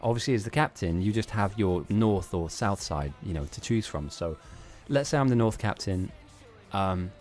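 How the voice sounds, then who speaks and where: A man's voice: lowish voice, animated, normal speed, hardly any pauses, darkish tone, soft background music. A man hosting a live-streamed game tournament, chatting casually in a rambling, self-mocking way with frequent laughs.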